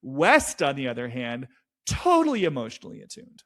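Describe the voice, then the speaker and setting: A man's voice: medium pitch, huge pitch swings, moderate pace, sharp tone. Rambling, casual man breaking down drama. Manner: loose and rambling, many fillers and restarts, swears freely. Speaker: commentator on a reality show. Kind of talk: casual analytic monologue.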